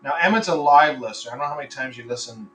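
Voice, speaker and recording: A man's voice: mid-range voice, rapid-fire, fairly bright tone, far from the mic, slight background noise, rough recording. A man hosting a casual live podcast, rambling between topics, swearing freely and telling crude jokes. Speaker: podcast host. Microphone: computer microphone.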